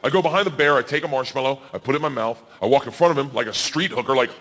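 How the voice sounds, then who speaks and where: A man in his forties doing stand-up storytelling, loud and animated, yelling the quoted lines. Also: mid-range voice, very fast, in a large hall, background noise. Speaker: stand-up comedian. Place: comedy stage.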